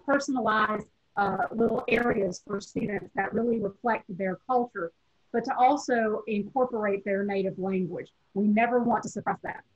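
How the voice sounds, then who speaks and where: Husky Southern woman giving a teacher webinar. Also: medium pitch. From Tennessee, USA. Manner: measured, explanatory, addresses teachers directly. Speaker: teacher educator. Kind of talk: webinar lecture. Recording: dull lo-fi webinar audio.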